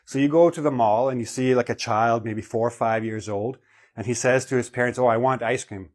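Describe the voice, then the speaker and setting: A man gives an English vocabulary lesson in a medium-pitched voice. He explains each word patiently and keeps checking in with the listener. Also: a little fast, darkish tone. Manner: explanatory, checks in with "okay?" and "right?". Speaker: English teacher.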